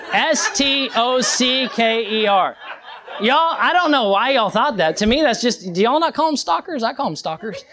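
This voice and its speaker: A young man preaching a sermon as pastor, rising to fervent peaks and dropping to quiet reflection. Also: high-pitched.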